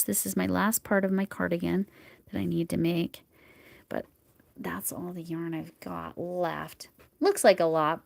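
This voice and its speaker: A woman hosting a crochet livestream at home, chatting casually as she works and murmuring soft whispered asides to herself. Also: on the low side, gravelly, no echo. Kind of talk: casual live chat while crocheting.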